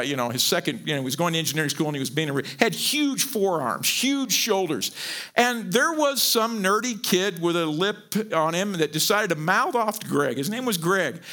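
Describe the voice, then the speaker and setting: A middle-aged man preaching a sermon, animated and joking, often repeating his words as he goes. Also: a little high. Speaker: pastor.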